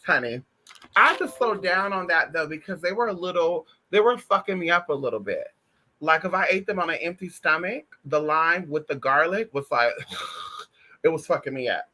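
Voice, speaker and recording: A man chatting casually on a stream, sassy and animated, calling listeners honey and girl, swearing freely as he tells stories. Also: on the high side. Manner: profane and emphatic. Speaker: spiritual vlogger. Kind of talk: casual livestream chat.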